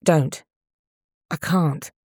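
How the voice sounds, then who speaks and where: Woman doing a worn out husband, flat tired voice, lowish and dry. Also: drawn-out words, slightly rough, no room sound, heavily acted. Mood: dull weary. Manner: tired, dull, sighing. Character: weary, gentle husband worn down by IVF. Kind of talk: audiobook character voice.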